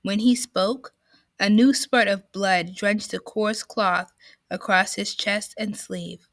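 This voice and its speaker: A woman reading a novel aloud in a slow, careful way, with a few small slips. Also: medium pitch, fairly even intonation, fairly bright tone, no echo.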